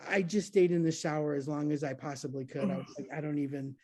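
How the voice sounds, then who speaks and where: Speaking at a quick pace, this woman in her thirties laughs her way through a lively story in casual conversation. Whenever she quotes someone, she pops into a high voice to act it out.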